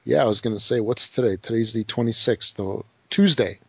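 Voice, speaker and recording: A man co-hosts a gaming show and reads the news in a quick, offhand way, full of "uh"s. His voice has a gravelly rasp, and the audio is dry and somewhat muffled. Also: mid-range voice, no echo. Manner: quick and offhand, with many "uh" fillers. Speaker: podcast co-host. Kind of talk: casual gaming news chat. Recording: dry, slightly muffled home mic.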